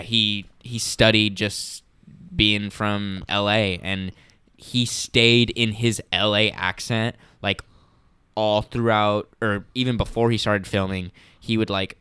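A young man co-hosting a podcast, telling stories in an excited, rambling way full of "like". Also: fairly low pitch, smooth, dry recording. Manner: excited, rambling storyteller with many "like"s. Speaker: podcast co-host. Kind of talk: casual chat.

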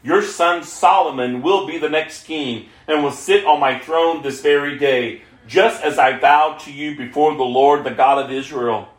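A man's voice: a little high, unhurried, hardly any pauses, natural voice. A man reading aloud the lines of an aged, commanding king in a plain, earnest voice, in an echoey room.

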